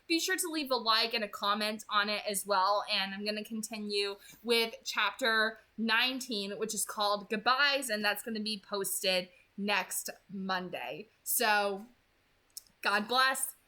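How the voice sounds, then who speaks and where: A woman's voice: medium pitch, measured pace, bright, forceful tone. A woman in her twenties, host of a read-aloud channel, chatting casually about a chapter she just read, gushing and full of fillers like "like" and "you know.". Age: 20s. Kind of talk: casual chapter recap and commentary.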